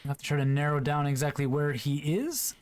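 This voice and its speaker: A male commentator calls an online geography game in a relaxed, chatty way, with plenty of small fillers. His voice sits a little higher than usual. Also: a little fast, clear, resonant tone. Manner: easygoing, chatty, with frequent fillers. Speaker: esports commentator. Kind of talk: play-by-play commentary.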